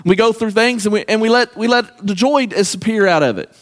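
A man preaching a sermon to his congregation, halting and repeating words as he calls out to the church. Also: high-pitched, a bit bright. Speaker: pastor. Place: church sanctuary. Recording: church hall with long reverb.

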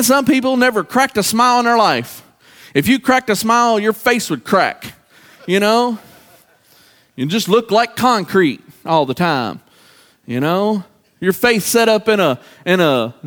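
Male pastor with a high voice, halting sermon style, reverberant sanctuary. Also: fairly bright tone. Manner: halting, repeats words, calls out to congregation. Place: church sanctuary. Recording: church hall with long reverb.

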